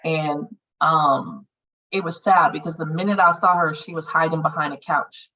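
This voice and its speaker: Bright-voiced, frank woman facilitator. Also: sits low, fairly even intonation, moderate pace, distant mic, dull audio. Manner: frank and earthy, swears casually. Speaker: healing circle facilitator. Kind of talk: casual group guidance on meditation.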